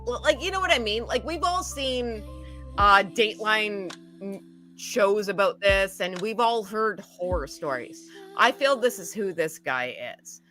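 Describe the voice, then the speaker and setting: A woman's voice: mid-range voice, expressive, a little slow, bright, forceful tone, faint music behind. A woman in casual chat, blunt and frank, with many fillers like "like" and "right". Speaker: livestream guest commentator.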